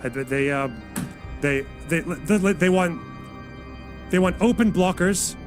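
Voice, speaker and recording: Brief: man doing a shrill, preachy pundit parody, loud and tongue-tied. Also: measured pace, over music. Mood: flustered ranting. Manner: loud, preachy, trips over its own talking points. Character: ranting male political pundit, doom-preaching and indignant.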